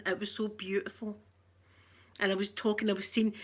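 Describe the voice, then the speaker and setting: An older Scottish woman chatting softly and affectionately in an ASMR vlog, rambling along and greeting viewers by name. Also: medium pitch, flat delivery, fairly quick. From Scotland. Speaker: ASMR vlogger.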